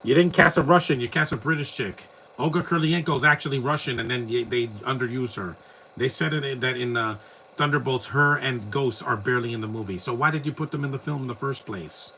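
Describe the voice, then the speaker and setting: A man's voice: medium pitch, fairly quick, pushed and bright, a little hiss or hum, low-quality recording. Blunt man giving movie commentary. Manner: opinionated, rambling, blunt. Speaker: live commentary host. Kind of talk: casual movie watch-along commentary.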